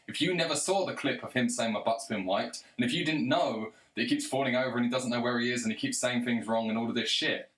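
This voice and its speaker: A man's voice: medium pitch, a bit bright. A man delivering an angry, sarcastic, profanity-laden rant to the camera. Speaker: video commentator. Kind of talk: ranting monologue. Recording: roomy echo.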